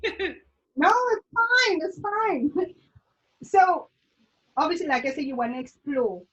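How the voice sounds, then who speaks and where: A woman's voice: high voice, sing-song, unhurried, a bit bright. A South African woman chatting as a guest over a video call, rambling with lots of "like" fillers. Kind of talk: casual chat. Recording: dull lo-fi video call audio.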